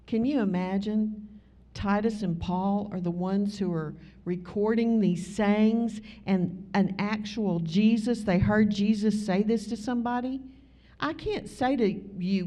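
A woman with a Southern US accent, preaching a sermon in a folksy, conversational way with drawn-out emphasis. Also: mid-range voice, mellow. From Southern United States. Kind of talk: sermon with storytelling. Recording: slightly muffled recording.

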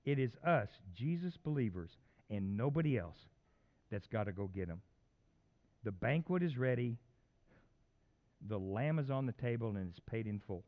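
A middle-aged man preaching a sermon, animated and conversational, with folksy asides. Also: mid-range voice. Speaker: pastor. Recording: dull lo-fi sound.

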